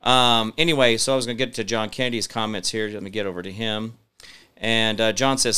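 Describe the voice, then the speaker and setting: This show host has a lowish, smooth voice that sounds pushed and bright, and he talks fast. During his live stream he goes through viewer comments emphatically, rambling and filling his speech with fillers.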